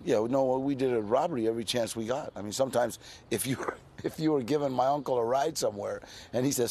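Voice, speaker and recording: A man's voice: mid-range voice, fast talker, dark tone. A man in his sixties from California, telling stories in a casual interview with a laid-back, streetwise manner, dropping in plenty of "you know.". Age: 60s. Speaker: interview guest.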